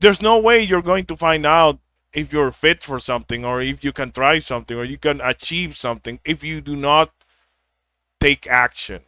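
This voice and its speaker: A male vlogger delivers a ranting monologue of harsh life advice, full of profanity and repeated-word stumbles, mocking others in put-on whiny quotes. His voice is on the high side, sharp and smooth, at a moderate pace with no echo.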